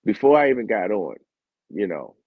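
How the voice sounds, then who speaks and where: A man's voice: on the low side, normal speed, no echo. A man from the United States, an Olympic sprinter turned comedian, telling comic stories, laughing and acting out dialogue. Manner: animated, laughing, acts out dialogue. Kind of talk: comic storytelling. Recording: dull, dry audio.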